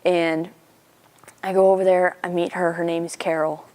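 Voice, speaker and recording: Young woman from missouri telling her faith story, earnest, lots of "like", lowish voice. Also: level tone, normal speed, mellow. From Missouri, USA. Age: young adult. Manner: earnest, chatty, frequent "like". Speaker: university student. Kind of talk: personal faith testimony.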